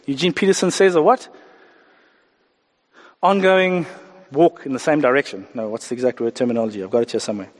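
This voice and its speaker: A man preaching a sermon, animated, acting out the voices of the people he talks about. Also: mid-range voice, fairly quick, long pauses, big-room sound. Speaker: pastor.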